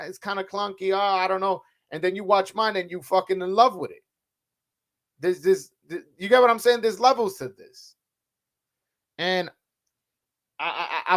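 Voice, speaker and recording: Dude going off on his stream, heated and slangy, kinda high voice, keeps restarting. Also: fairly bright tone. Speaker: boxing journalist and livestream host. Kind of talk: casual livestream rant.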